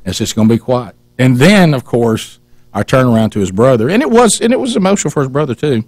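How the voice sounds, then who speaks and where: A man spins a rambling, teasing story as a radio host, stopping and restarting his sentences as he goes. His voice is mid-pitched and sits close to a studio microphone in a dry, dead room. The delivery is loose and conversational. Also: big pitch swings, fast, a little mellow, dry recording. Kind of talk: casual storytelling chat.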